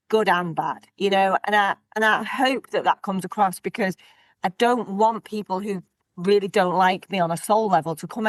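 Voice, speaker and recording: A middle-aged woman, a podcast guest telling stories in a blunt, direct, lively way. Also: medium pitch, no echo. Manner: blunt, direct, animated storytelling. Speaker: podcast guest, business coach. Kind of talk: casual interview chat.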